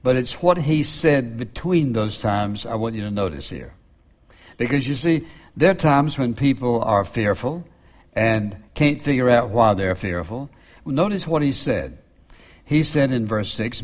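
A man preaching a sermon in a conversational way, dropping soft and low when quoting scripture. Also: lively intonation, measured pace.

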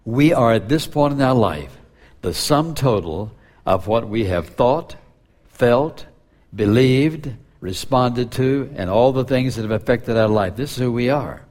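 A male pastor preaching an earnest sermon to a congregation, slowing down when he quotes scripture. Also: medium pitch, expressive, a little mellow.

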